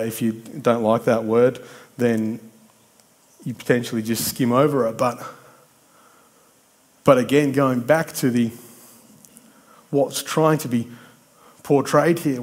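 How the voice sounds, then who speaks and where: Preaching in a mid-range voice, a man keeps his sermon conversational yet emphatic. He hammers points home by repeating them and trades banter with people in the pews.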